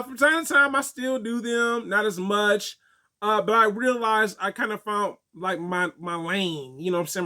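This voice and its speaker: A young man telling stories and answering viewer questions in a casual, animated way, laughing often. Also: sits high. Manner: animated storytelling, laughs often, acts out quotes. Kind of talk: casual chat.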